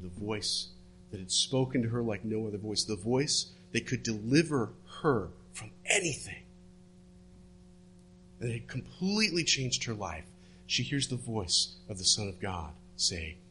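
A man preaching a sermon, retelling a story and dropping his voice low and soft for the quoted words. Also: slight background noise. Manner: storytelling, drops to hushed tones for quoted words.

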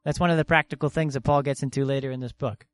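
A man in his twenties preaching a sermon in an earnest, slow and deliberate way, pausing for emphasis. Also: medium pitch, fairly even intonation, dry recording. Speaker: young preacher.

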